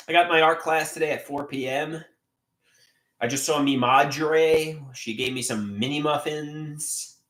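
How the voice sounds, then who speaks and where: A man chatting casually on a livestream, reading out viewer comments and rambling with theatrical swings in pitch and volume. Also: expressive, a little slow, roomy sound.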